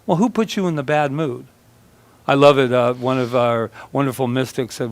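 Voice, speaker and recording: A man's voice: mid-range voice, normal speed. A male minister giving a conversational sermon, telling stories with a humorous, self-deprecating manner.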